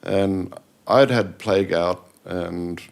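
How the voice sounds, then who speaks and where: A man's voice: low-pitched, slow, vocal fry. A middle-aged man, a podcast guest, telling rambling anecdotes in casual chat, correcting himself often. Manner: rambling anecdotes with self-corrections and quoted voices. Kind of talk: casual storytelling interview.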